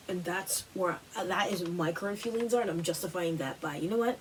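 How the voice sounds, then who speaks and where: A woman hosting a wellness workshop, giving a casual motivational talk full of "like" and "you know", with animated, repetitive phrasing. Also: lowish voice, moderate pace, hardly any pauses, recorded from a distance, a little hiss or hum, rough recording.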